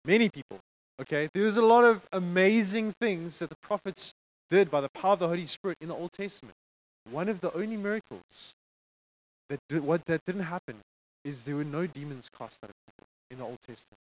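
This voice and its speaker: A man preaching a sermon to a congregation, conversational and animated, checking in with frequent asides to the listeners. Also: high voice, brisk, low-quality recording.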